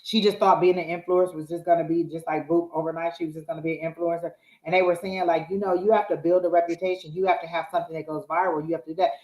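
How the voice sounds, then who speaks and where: A woman's voice: on the low side, level tone, racing, few pauses, a little mellow, echoey room, poor audio. A woman co-hosting a live tarot stream who speaks straight to the viewers with strong emphasis. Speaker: tarot reader, co-host. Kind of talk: casual chat on a live stream.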